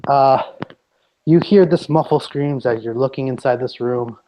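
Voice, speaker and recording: A man's voice: medium pitch, a little slow, dull audio. A man narrating a tabletop game as game master, describing scenes with frequent restarts.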